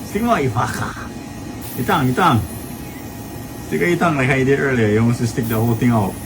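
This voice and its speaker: A man's voice: mid-range voice, fast talker. A man, joking with his mother in a casual home video, teasing, laughing often and swearing playfully. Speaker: vlogger caring for his mother. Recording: noisy home video ambience.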